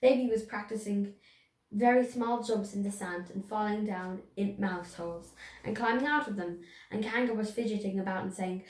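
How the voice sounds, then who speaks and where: A woman's voice: mid-range voice, a little mellow. A young girl reading a children's story aloud, voicing the animals and stumbling over a few words. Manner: reads slowly, voices characters, small stumbles and restarts. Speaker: reader. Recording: echoey room.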